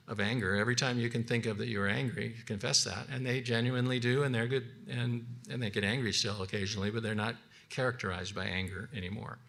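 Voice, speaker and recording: Speaking in a fairly low, gravelly voice that's bright and forceful, a man teaches biblical counseling off the cuff. He keeps it conversational, stopping and restarting, repeating words, and acting out sample counseling exchanges.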